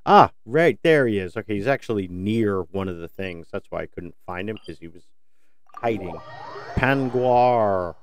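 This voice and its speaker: A man's voice: sits low, moderate pace. A man giving rambling, self-correcting commentary over a game, often losing track of where things are. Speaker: game video host. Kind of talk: gameplay commentary.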